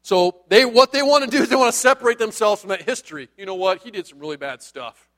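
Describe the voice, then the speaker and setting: Guy preaching a sermon, kinda high voice, chatty and joking around. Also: fast talker, a bit bright. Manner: conversational, jokey preaching with asides. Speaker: pastor.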